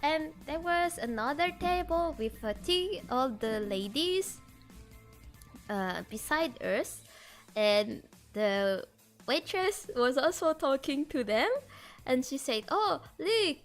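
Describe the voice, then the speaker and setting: French-accented streamer girl, casual chat, lots of uhs, a bit high-pitched. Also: slow pace, soft background music. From France. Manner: animated storytelling with hesitant fillers. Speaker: VTuber streamer.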